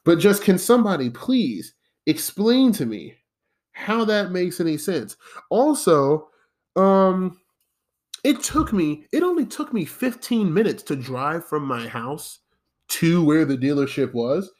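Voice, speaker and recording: A man's voice: on the high side, very animated, slow, darkish tone. A man hosting a solo podcast, ranting in an exasperated, profane, rambling way. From United States. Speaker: podcast host.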